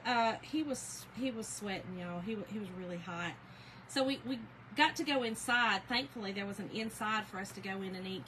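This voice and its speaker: A woman from Georgia with a Southern US accent, chatting casually with viewers as a crafting livestream host, folksy and quick to laugh. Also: fairly high pitch, fairly bright tone, a little hiss or hum, rough recording.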